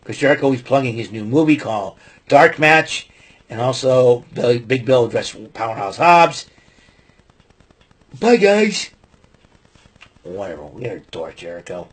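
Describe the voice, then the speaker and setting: A man with a husky, breathy voice talks through a wrestling broadcast in casual podcast style. He rambles, piles up fillers and gives his opinions freely. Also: medium pitch, very animated, measured pace, pauses often. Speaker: podcast host. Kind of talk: casual wrestling show recap.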